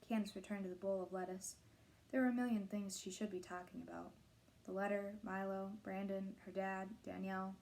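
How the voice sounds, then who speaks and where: Woman reading a novel chapter aloud, mellow voice, steady and clear. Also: medium pitch, a little fast. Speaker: reader of a novel.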